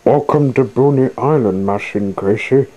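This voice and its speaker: A man's voice: medium pitch, normal speed, dark tone, lo-fi sound, voice pushed up, lightly acted. A man voicing a welcoming male ferry boat in a children's story. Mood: friendly.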